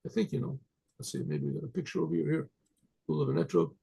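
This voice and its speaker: Rabbi telling a story, gravelly and husky, rambling and animated, on a video call mic. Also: male voice, a little high, fast talker. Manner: rambling, animated, full of restarts. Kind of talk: storytelling talk.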